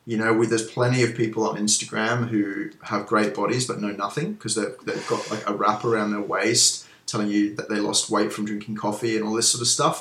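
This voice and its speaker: A man with a fairly low voice speaks openly in a relaxed interview, circling back and restarting his sentences as he reflects. The recording has a noticeable echo from the room. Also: a little fast, few pauses. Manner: candid, rambling, self-reflective, many fillers and restarts. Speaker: guest, former gym owner. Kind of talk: casual interview chat. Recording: echoey room.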